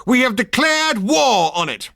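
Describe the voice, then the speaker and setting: Male reader doing a bellowing, keen army officer, high and loud. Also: big pitch swings, normal speed, no echo, studio quality, heavily acted. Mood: barking. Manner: shouted military barking. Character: barking eager soldier, army number two.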